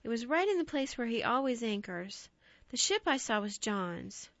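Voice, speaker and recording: A woman's voice: very animated, normal speed, dry recording. A woman doing a grieving young wife, pleading. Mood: disbelieving. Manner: pleading, high and tearful. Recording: dry, slightly dull recording.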